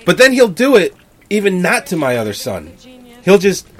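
A man's voice: high-pitched, huge pitch swings, normal speed. A man in his thirties chatting casually as co-host, blunt and profane, often laughing. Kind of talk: casual chat.

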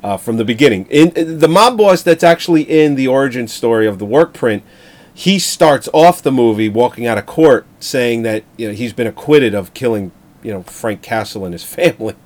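Chill guy, average pitch, chiming in on a movie chat, stumbles on first words. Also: expressive, darkish tone. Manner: laid-back, quick to chuckle, stammers on starts. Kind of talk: casual film discussion.

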